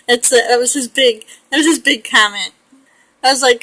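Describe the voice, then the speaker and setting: A woman's voice: fairly high pitch, normal speed, fairly bright tone, poor audio. A middle-aged woman from the United States chatting in a rambling way while she paints a pet portrait, often laughing. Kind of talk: casual chat while painting.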